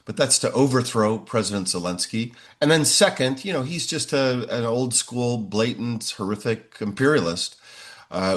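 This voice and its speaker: A man in his sixties, a professor answering interview questions in a measured way, often pausing on "uh". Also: lowish voice, a bit bright. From United States. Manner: measured, frequent "uh" fillers.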